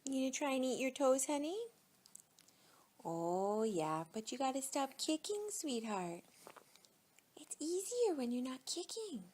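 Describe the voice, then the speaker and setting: A woman in her thirties talking to her baby in slow, sing-song baby talk, half-whispered at times, at home during a diaper change. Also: high-pitched, very animated, darkish tone, breathy edge.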